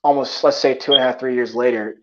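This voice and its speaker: A man's voice: mid-range voice, steady tone, fast, a bit bright, lo-fi sound. A man from Texas talking casually as a co-host, rambling and swearing with many fillers. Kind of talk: casual chat.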